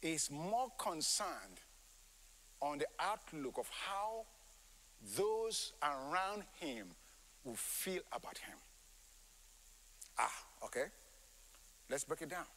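Animated, high-voiced male preacher. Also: slow pace, pauses often, long reverb tail, low-quality recording. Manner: animated, emphatic, rhetorical questions. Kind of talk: sermon.

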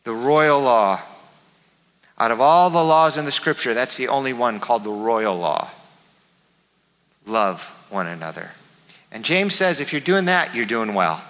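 A man preaching a sermon as pastor, emphatic, repeating his key words and swinging between soft and loud. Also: mid-range voice, very animated, moderate pace, big-room sound, low-quality recording.

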